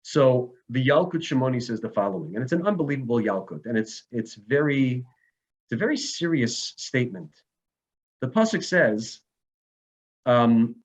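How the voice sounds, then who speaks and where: A man's voice: medium pitch, big pitch swings, moderate pace. A man giving an emotional Sabbath sermon as a rabbi, telling stories with rising emphasis. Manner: emotional storytelling with rising emphasis and Hebrew phrases. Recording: dull lo-fi recording.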